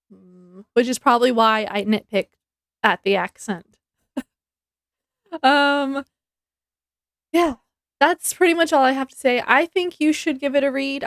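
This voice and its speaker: A woman talks through a book review at an unhurried pace, filling pauses with ums and restarting her sentences. Her voice sits a little high, and the recording is close and dry with no room sound. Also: dry recording. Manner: chatty, rambling, many ums and restarts; laughs easily, acts out her reactions. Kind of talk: casual book review vlog.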